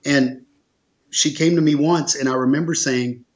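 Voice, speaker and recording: The audio is dull, and the man's voice is fairly high-pitched with fairly even intonation at a normal speed. He owns an insurance agency and shares stories in an interview, earnest and emphatic, driving points home by repeating phrases.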